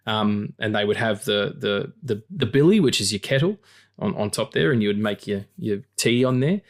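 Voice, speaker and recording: A man's voice: fairly low pitch, moderate pace. An Australian man hosting a podcast, in a casual, jokey, swearing chat. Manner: animated, swearing, jokey storytelling. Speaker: podcast host.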